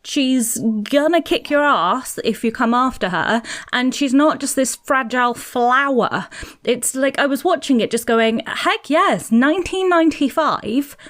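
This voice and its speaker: Woman podcast guest, high voice, enthusiastic storyteller, acts out quotes. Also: unhurried, fairly bright tone. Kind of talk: casual film podcast chat.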